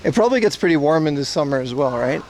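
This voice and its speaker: Expressive and quick, his voice is a little high and a little mellow, with some hiss or hum in the background. He's out walking hot streets and a shrine, hosting a casual livestream and rambling along with his viewers.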